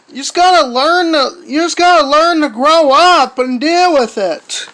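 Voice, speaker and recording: A man replying to another video, speaking in a measured, lecturing tone with stiff phrasing. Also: very high-pitched, sharp tone. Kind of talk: calm commentary.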